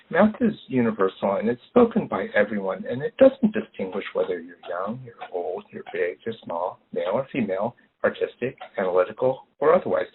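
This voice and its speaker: A man explains math in a relaxed, conversational way, often pausing on ums. His voice sits a little low but swings lively up and down. It comes through a tinny, phone-like video call line with faint noise behind. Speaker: engineer giving a STEM talk. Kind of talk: casual online presentation.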